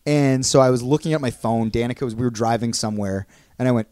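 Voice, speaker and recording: A man chats on a podcast, spinning a long anecdote in a quick, rambling way. He talks fast and piles up fillers and restarts. The sound is close and dry. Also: medium pitch, no room sound. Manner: rambling storyteller, quick and animated, many fillers. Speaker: podcast co-host. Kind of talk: casual chat.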